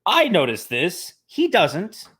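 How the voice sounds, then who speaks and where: A man's voice: high-pitched, huge pitch swings, a bit bright, breathy edge. Blunt, profane man in casual chat. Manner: blunt, profane, talks in quick bursts. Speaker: podcast co-host.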